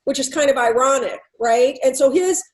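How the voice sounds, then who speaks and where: A woman's voice: high-pitched, moderate pace, rough recording. A woman consultant giving a conversational storytelling talk to a business audience, re-enacting dialogue and asking Socratic questions. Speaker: workplace culture consultant.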